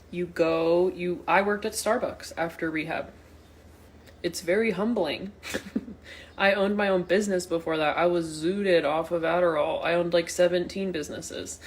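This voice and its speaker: A woman's voice: lowish voice, a little hiss or hum. A woman ranting into her phone for social media, swearing, taunting and threatening someone, rambling with lots of fillers. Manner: filler-heavy, rambling speech. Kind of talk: angry unscripted social media rant.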